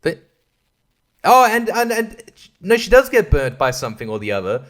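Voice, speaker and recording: A man's voice: sits high, huge pitch swings, normal speed, fairly bright tone. A tired man hosting a solo podcast in a rambling, crude, profane way, laughing at his own jokes. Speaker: podcast host. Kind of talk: casual solo podcast chat.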